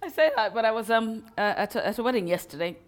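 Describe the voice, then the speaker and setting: A woman's voice: on the high side, fast. A woman, a guest speaker, giving a chatty, self-mocking sermon at a college hall, laughing often as she tells stories. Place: college hall with a live audience.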